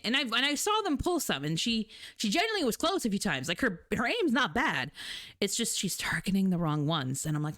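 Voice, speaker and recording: A woman streamer in a chatty, animated casual talk, laughing often. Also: mid-range voice, fairly quick. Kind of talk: casual chat.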